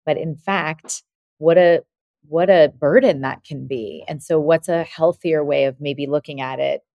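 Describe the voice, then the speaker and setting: A woman podcast host who reflects aloud and builds on her guest's points in a relaxed interview. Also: low-pitched, a little slow, vocal fry, no room sound, lo-fi sound.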